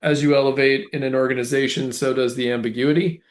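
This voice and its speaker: A man hosts a business podcast in a middle-pitched voice. He talks in a friendly, easygoing way and strings his thoughts into long sentences. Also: flat delivery, fast. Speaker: podcast host. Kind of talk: casual podcast interview.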